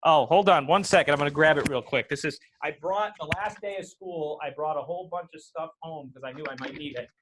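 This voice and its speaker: This is a man with a slightly high voice and an upstate New York accent, talking casually as a podcast host. He tells stories and explains history in a teacherly way, speaking into a lapel mic on a video call from home. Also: a little fast, few pauses, background noise. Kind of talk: casual chat.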